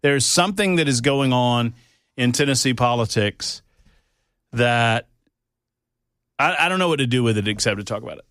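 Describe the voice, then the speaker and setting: A man's voice: mid-range voice, lively intonation, normal speed, pauses often, fairly bright tone, no room sound. A man chats on talk radio, teasing and conspiratorial as he hints at gossip. His voice sits in an ordinary middle range. The sound is close and dry, with no room around it. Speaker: radio show regular, political commentator. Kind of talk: casual radio banter. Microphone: studio microphone.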